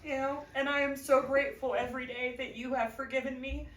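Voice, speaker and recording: High-voiced woman giving a testimony. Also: level tone, brisk, a bit bright. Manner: earnest, tearful at times, laughing between phrases. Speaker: church member giving a testimony. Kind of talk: emotional personal testimony. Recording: echoey room, voice from a distance.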